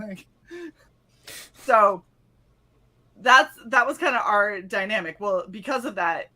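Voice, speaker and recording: A woman's voice: a little high, moderate pace. A woman co-hosting a casual stream, swapping profane basic training stories and acting out the drill instructors. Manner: profane, animated, acts out drill instructors in a loud mock voice. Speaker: stream co-host.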